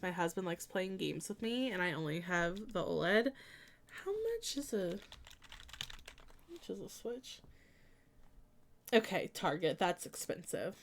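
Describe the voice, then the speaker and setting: A young woman streaming casually as she builds in a game, chatty and giggly with sudden bursts of excitement. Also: on the low side, a little fast, gravelly, few pauses.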